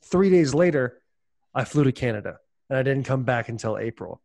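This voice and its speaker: A man's voice: mid-range voice, lively intonation, normal speed, gravelly, darkish tone. A man hosting a podcast in loose, joking, casual chat, swearing freely. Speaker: podcast host.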